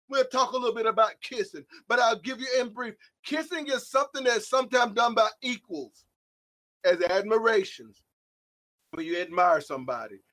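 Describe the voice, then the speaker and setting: A man preaching a sermon, shouting some lines and dropping others to a hush, calling out to listeners by name. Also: very high-pitched. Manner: shouting emphatic lines, swinging between loud and hushed.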